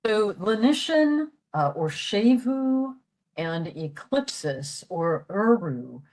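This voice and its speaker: Speaking at a slow, sing-song pace, this older western Pennsylvania woman leads a library program as an informal language lecture, patient and explanatory with plenty of fillers. Her mid-range voice is a little mellow, though the audio is poor.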